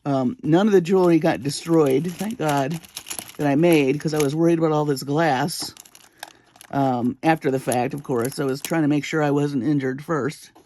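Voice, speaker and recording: Speaking at a normal pace in a deep, warm voice, a woman hosts a jewelry-making vlog from her home bead room at three in the morning. She tells a chatty, self-deprecating story and keeps breaking into laughter, with slight background noise behind her.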